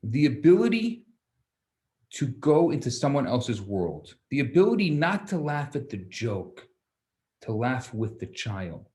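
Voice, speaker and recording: A man, a rabbi, teaching a class, telling a story with lively asides and frequent restarts. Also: medium pitch, a little slow. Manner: animated storyteller, acts out children's voices, stammers on restarts. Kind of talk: storytelling lecture.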